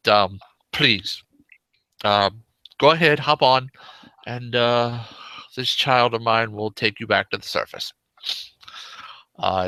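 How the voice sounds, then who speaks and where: A man's voice: medium pitch, pushed and bright, no echo, heavily acted. Man voicing a courteous underground brotherhood leader. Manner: formal, unhurried, polite.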